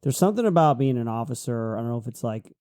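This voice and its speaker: Mellow-voiced man in casual chat. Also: medium pitch, animated. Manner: reactive, halting. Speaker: podcast co-host.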